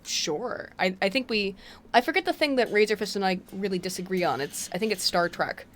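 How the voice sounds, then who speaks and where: A woman's voice: medium pitch, a little fast, fairly bright tone, a little hiss or hum. A woman hosting a casual live-stream Q&A, rambling with laughing asides. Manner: rambling, frequent fillers and restarts, laughing asides.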